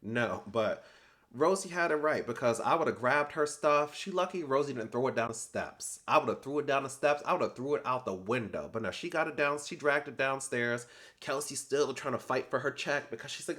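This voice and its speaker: Recapping a reality show episode, this young adult man sounds animated and sassy, performing people's lines with slang-filled asides. His mid-range voice moves fairly quickly.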